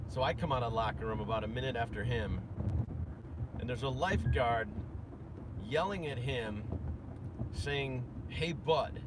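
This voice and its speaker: Guy rambling on a vlog outside, kinda low voice, lots of car noise behind. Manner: rambling, with frequent restarts and fillers. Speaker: parent vlogger. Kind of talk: casual spoken vlog.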